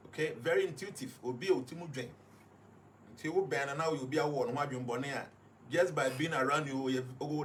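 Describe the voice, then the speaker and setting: A man's voice: fairly high pitch, a bit bright, slight background noise. Ghanaian man mixing English and Twi. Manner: switches often between English and Twi; repeats and restarts with many fillers. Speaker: life coach. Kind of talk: casual talk.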